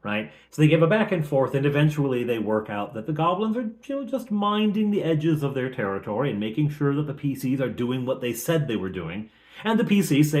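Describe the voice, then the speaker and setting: A man's voice: mid-range voice, sing-song, a little fast, a little mellow. Conversational male game master recapping. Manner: conversational, thinking aloud with restarts. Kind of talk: recapping a tabletop game session.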